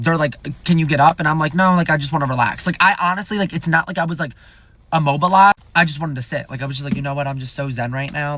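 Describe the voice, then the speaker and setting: A man rattles through a casual storytime monologue at a brisk clip. His pitch sits in an ordinary middle range. He is animated and self-mocking, swears freely, and swings between loud bursts and hushed asides.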